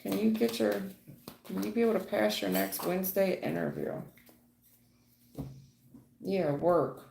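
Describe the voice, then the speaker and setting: Gravelly woman reading tarot on a live stream. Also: mid-range voice, unhurried, long pauses, dark tone, reverberant, slight background noise. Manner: chatty, folksy, calls viewers honey and baby. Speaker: tarot reader.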